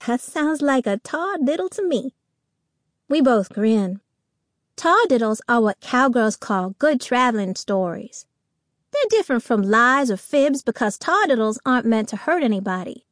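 Telling a children's story in the first person, a woman reads with lively energy at a measured pace in a high voice. The sound is close and dry, with no room ambience at all.

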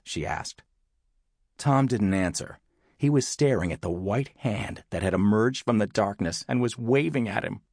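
A man narrating an audiobook in an expressive storytelling manner. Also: on the low side, normal speed, breathy edge, no room sound, clean studio sound. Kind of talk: scripted narration.

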